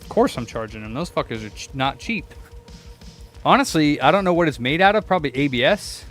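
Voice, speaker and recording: A young man with a voice on the high side sounds very animated and a little fast, fairly bright, with soft music in the background. Livestreaming from the repair shop he runs, he searches for parts and works, swearing and rambling to himself and his chat.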